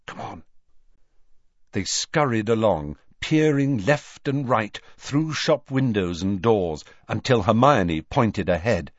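A man narrating a storybook aloud in a measured, expressive reading. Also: on the low side, no echo, muffled recording. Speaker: audiobook narrator. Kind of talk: scripted narration.

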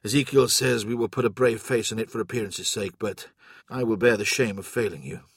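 A man's voice: lowish voice, a little fast, breathy edge, no room sound, studio quality. A man voicing a troubled, guilt-ridden young male soldier who speaks in a somber, subdued way.

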